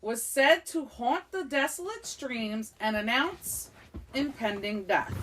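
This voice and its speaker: A woman's voice: on the high side, slow pace, crowd noise. A woman hosting a casual podcast chat, playful and giggly, cracking jokes as she goes. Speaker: podcast host.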